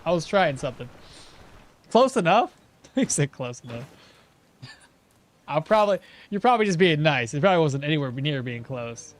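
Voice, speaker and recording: Chatty high-voiced male game streamer. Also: expressive, moderate pace, pauses often. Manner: rambling, self-correcting, chatting with viewers. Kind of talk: casual gameplay commentary.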